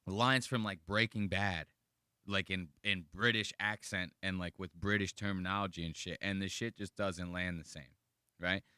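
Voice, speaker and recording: A man's voice: lowish voice, pushed and bright, clean tone, no room sound, clean studio sound. A man from the United States giving casual, rambling reaction commentary to videos, slangy and profane.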